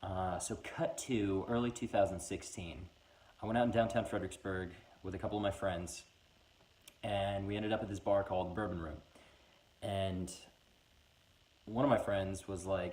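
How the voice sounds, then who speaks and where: A man in his twenties telling a funny personal story in a casual, animated way, acting out voices as he goes. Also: sits low, normal speed. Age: 20s. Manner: animated, acts out every voice in the story. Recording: echoey room.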